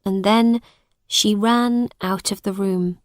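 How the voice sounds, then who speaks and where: A woman reads a simplified audiobook for learners, slowly and clearly. Her pace is extremely slow, and the recording is dry and close. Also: medium pitch, fairly even intonation, dry recording. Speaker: narrator.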